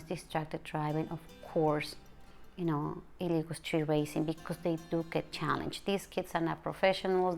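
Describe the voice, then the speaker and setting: A middle-aged woman, speaking as a bereaved mother, gives an emotional personal interview in a halting, soft manner. Her voice is lowish and creaky, and she hushes her tone when quoting others.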